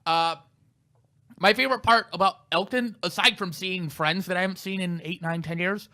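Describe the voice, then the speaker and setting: A comedian co-host tells candid, self-deprecating stories in a loose podcast chat. His voice is a bit high and bright. He talks in long, casual runs. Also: moderate pace.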